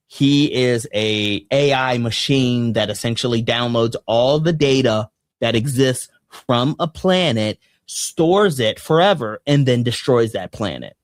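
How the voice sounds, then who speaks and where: A podcast co-host ranting passionately and with plenty of swearing in a casual discussion, their voice going hoarse. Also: mid-range voice, dry recording. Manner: impassioned, profane ranting. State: losing voice.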